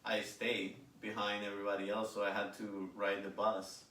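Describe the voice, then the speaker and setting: A man who is a religious brother, a guest in the chat, tells a travel story in a hesitant, easygoing way. His voice is low. He sits away from the microphone in a reverberant room. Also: level tone, moderate pace, a bit bright, recorded from a distance. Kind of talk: casual chat. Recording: echoey room, voice off-mic.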